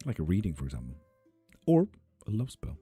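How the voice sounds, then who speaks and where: A young man chatting casually on a live stream, reading viewer comments, relaxed, swearing freely and cheering people on, a little ill and foggy. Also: sits low, brisk, slightly rough, dry recording, faint music behind. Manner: laid-back, swears freely, upbeat cheering. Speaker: live tarot and spell streamer.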